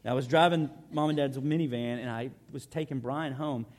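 A man's voice: mid-range voice, moderate pace, a little mellow. A man, preaching a conversational, earnest sermon built on personal stories. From Arkansas. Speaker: pastor. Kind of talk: storytelling sermon.

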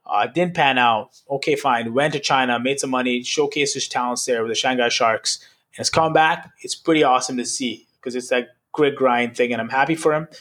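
A man co-hosts a basketball podcast in loose, casual chat. He rambles through his points and keeps checking in with "right?". His voice sits at a middling pitch. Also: a little fast, a bit bright. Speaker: podcast co-host.

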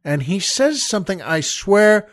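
Host, male, high-pitched, dry close sound; exasperated, rambling comic storyteller. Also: sing-song, a little slow, dry recording. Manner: exasperated, digressive, incredulous. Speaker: podcast host.

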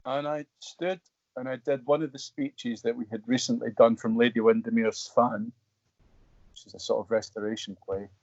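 A middle-aged Scottish man, an actor guest, telling stories in an animated, rambling way with many restarts. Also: mid-range voice, normal speed, husky, no echo, highs cut off. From Scotland. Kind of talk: casual storytelling interview.

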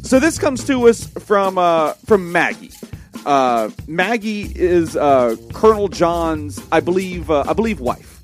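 A man hosting a podcast, reading listener mail aloud with many pauses and fillers. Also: sits high, very animated, faint music behind. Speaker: podcast host.

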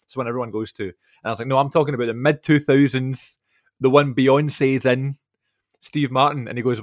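A man's voice: medium pitch, fast talker, no echo, clean studio sound. A young man co-hosting a film podcast, chatting casually and rambling through stories with plenty of fillers. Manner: rambling storytelling, many fillers and asides. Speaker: podcast co-host.

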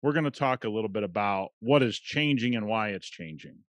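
A man's voice: fairly low pitch, animated, fairly quick, no echo. A man hosting a podcast, telling a story in a conversational, emphatic way. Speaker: podcast host. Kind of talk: casual podcast monologue.

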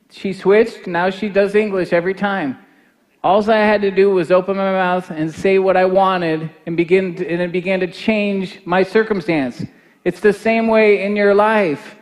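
Fervent high-voiced male preacher. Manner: storytelling, building to fervent shouted exhortation. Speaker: pastor. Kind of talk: sermon.

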